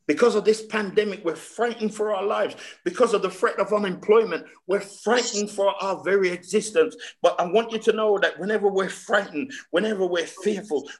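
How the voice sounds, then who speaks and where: A man preaching a fervent sermon to his congregation, stammering through restarts and drawing out key phrases slowly for emphasis. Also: high voice. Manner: addresses the congregation as saints.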